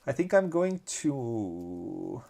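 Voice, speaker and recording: Slow, thinking-aloud Romanian-accented man. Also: mid-range voice, sing-song, dark tone. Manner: thinks aloud, counts pieces, many restarts. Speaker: board game channel host. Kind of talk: casual board game playthrough.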